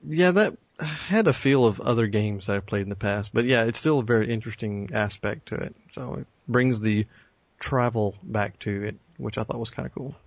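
A man with a fairly low voice chats as co-host on a gaming podcast. He sounds upbeat and easygoing and often calls things cool. The recording is dry, with little room sound. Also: moderate pace, no echo. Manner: enthusiastic, easygoing, says cool a lot. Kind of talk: casual chat.

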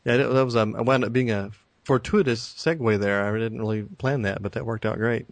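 A man's voice: mid-range voice, steady tone, a little fast, dry recording. A man co-hosting a gaming podcast in casual chat, enthusiastic and easygoing. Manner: enthusiastic, easygoing, says cool a lot. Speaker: podcast co-host.

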